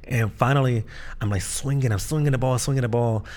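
A man's voice: mid-range voice, a little fast, a little mellow. A man, a podcast co-host and pastor, telling his life story in casual conversation, earnest and full of restarts. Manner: earnest, with frequent restarts and fillers.

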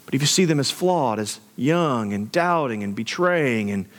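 A young man, a pastor, preaching a sermon in a conversational way with jokey asides and animated emphasis. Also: medium pitch, normal speed.

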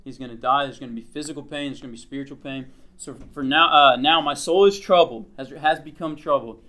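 A man teaching a Bible lesson to a small group. He reads scripture aloud slowly, then explains it in a conversational way, often checking in with "okay?". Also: medium pitch, steady tone, bright, forceful tone.

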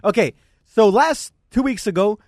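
A high, lively man's voice in a dry, close recording. He co-hosts a casual podcast and tells stories eagerly, laughing often and jumping in to lecture his friend. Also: moderate pace, no echo. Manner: excitable, laughing, mock-lecturing storyteller. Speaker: podcast co-host.

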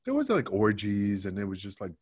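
A man's voice: fairly low pitch, huge pitch swings, a little fast, darkish tone, slightly rough, no room sound, studio quality. A man telling crude, profane stories from his wrestling days in a casual video-call chat. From North America.

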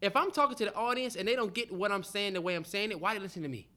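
Bright-voiced man in emphatic podcast chat. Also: high-pitched, racing. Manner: agreeing, emphatic interjections. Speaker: podcast co-host.

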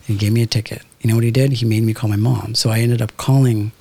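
A man's voice: fairly low pitch, steady tone, fast talker, creaky, dark tone, slightly rough. A man in his thirties from Southern California, casually telling a reflective, spiritual story with lots of "like" and "you know". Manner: reflective, spiritual, many fillers like "like". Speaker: podcast guest.

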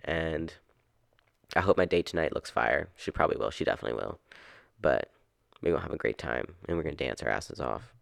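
A young man chats alone into a microphone on his couch for his podcast. His voice sits very low with a gravelly edge, and the sound is dry and close. He rambles, swears freely and gets worked up easily. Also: animated, dry recording. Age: young adult. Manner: rambling, swearing, quickly exasperated. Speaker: podcast host. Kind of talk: casual solo podcast chat. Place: at home on a couch.

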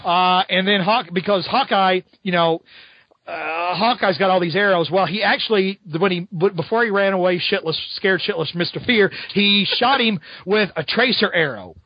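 A man's voice: high-pitched, moderate pace, no room sound, dull audio. A man co-hosting a podcast, casually recapping a comic book with rambling, amused storytelling. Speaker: podcast co-host.

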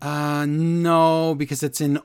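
A man's voice: slow, clean tone, dry recording. A man co-hosting a wrestling podcast, recapping the week's shows in casual chat, growing exasperated and incredulous. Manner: animated, exasperated, voice climbs high in disbelief. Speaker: podcast co-host.

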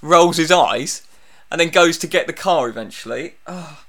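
A man's voice: a little high, lively intonation, moderate pace, bright, forceful tone. A British man telling a long anecdote in casual chat, wry and exasperated, laughing as he goes. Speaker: podcast co-host telling an anecdote.

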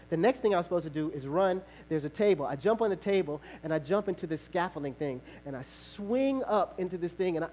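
A male pastor preaching a sermon, telling a lively personal story, acting out the voices of others and laughing often. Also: a little high, a little hiss or hum, rough recording.

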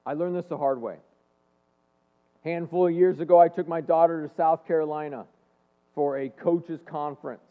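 A man in his forties giving an earnest, animated faith-based talk, telling personal stories to an audience in a large hall. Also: on the high side, normal speed, long pauses. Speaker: speaker and leadership coach. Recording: long hall reverb, phone-like band.

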